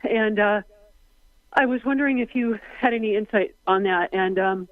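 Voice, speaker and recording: A woman's voice: medium pitch, moderate pace, no echo. A woman calling in to a radio show, polite and hesitant, out of breath. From Seattle area. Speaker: caller. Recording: dull dry phone line.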